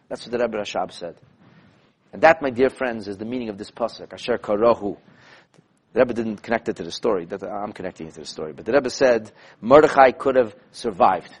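A man who is a rabbi teaching a class, telling stories in an animated, emphatic way and repeating phrases to drive points home. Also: lowish voice, a little fast, slightly rough. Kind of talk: lecture with storytelling.

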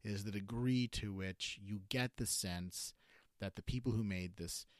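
Low, dry-voiced man reviewing, full of fillers. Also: no room sound. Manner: halting, many filler words and self-corrections. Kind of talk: unscripted spoken review.

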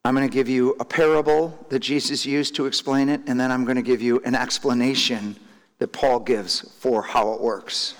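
A man's voice: medium pitch, steady tone, big-room sound. A man preaching a sermon, often restarting and repeating his words as he explains a passage. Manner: halting, repeats words, laughs now and then.

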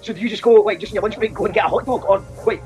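A man's voice: high voice, steady tone, racing, a little mellow, faint music behind, poor audio. A man making a comic complaint call, exasperated and ranting, repeating himself. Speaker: caller.

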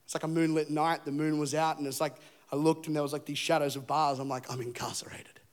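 Male preacher, from England, thirties, high voice, animated storytelling sermon, playful. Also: fast, clear, resonant tone. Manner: animated, joking, acts out scenes and voices. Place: church stage.

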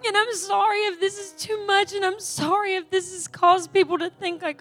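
A woman's voice: very high voice, little pitch movement, normal speed, fairly bright tone, faint music behind. A woman preaching a sermon and leading an altar call prayer, pleading and emotional, tearful at times.

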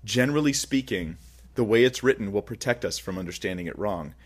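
A man preaching a sermon, teaching verse by verse from scripture with animated, rising and falling emphasis. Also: fairly low pitch, a little fast. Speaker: pastor.

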